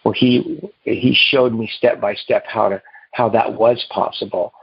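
A man telling his recovery story to a meeting in a halting, earnest way, heard over a phone. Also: lowish voice, fairly even intonation, gravelly, slightly rough, no echo. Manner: halting and earnest, with repeated restarts. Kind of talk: personal recovery story told to a group. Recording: muffled phone line.

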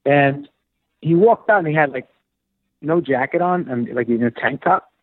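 A man telling an animated, filler-heavy story about his acting career, slipping into the voices of the people he quotes. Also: fairly high pitch, moderate pace, slightly rough, no echo. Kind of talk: casual storytelling interview. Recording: dry, phone-like narrow sound.

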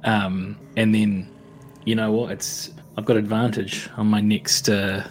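Low-voiced joking male player. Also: flat delivery, unhurried. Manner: joking, laughs, swears casually. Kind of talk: casual tabletop play.

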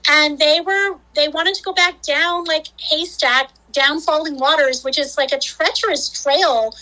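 A woman's voice: sits high, fairly even intonation, moderate pace, hardly any pauses, bright, forceful tone, low-quality recording. A woman telling a story on a podcast, chatty, with many fillers, acting out what she said at the time. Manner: chatty, many fillers, acts out her own quotes. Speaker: podcast guest. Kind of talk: casual storytelling.

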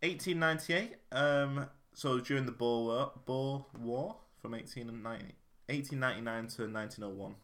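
A man's voice: mid-range voice, moderate pace, hardly any pauses, fairly bright tone. A man hosting a podcast in a casual, chatty way. He reads out history facts, jokes around and often trips over his words. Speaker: podcast host.

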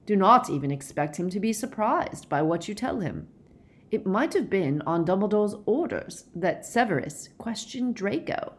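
A woman reading a calm, weary middle-aged werewolf man, measured and gentle in an audiobook. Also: mid-range voice, voice pushed up, natural voice.

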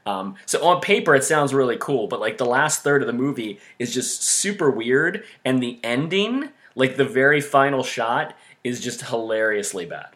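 A man's voice: medium pitch, animated, moderate pace, few pauses, a bit bright. A man co-hosting a casual movie podcast, talking with lots of fillers and frequent laughter. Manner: laughs often, many fillers. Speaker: podcast co-host.

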